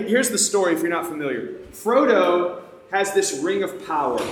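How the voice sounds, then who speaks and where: Conversational male preacher, slightly high voice, roomy echo, talks right to the crowd. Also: a bit bright. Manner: conversational, addresses the audience directly. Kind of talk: sermon storytelling. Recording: echoey room.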